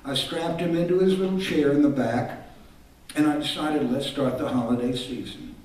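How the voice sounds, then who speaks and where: A man voicing a gentle young mother coaxing her little son, in a raised, tender tone. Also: fairly high pitch, moderate pace, slight background noise, close to an everyday voice. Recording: echoey live hall from far off.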